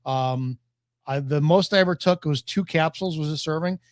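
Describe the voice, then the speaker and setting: A man's voice: a little high, moderate pace, dry recording, clean studio sound. A man in his forties, a podcast guest telling blunt, profane stories in casual chat.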